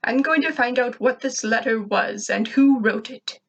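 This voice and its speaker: A woman's voice: fairly high pitch, normal speed, lo-fi sound. A woman voicing a short-tempered male alien invader who screams and snaps orders. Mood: irritable.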